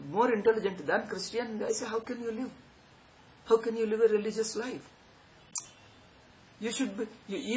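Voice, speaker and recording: A Vedanta teacher lectures students on spiritual matters in a fairly high, somewhat bright voice, using sarcastic emphasis and circling back to repeat his points. The audio quality is poor, with faint noise underneath.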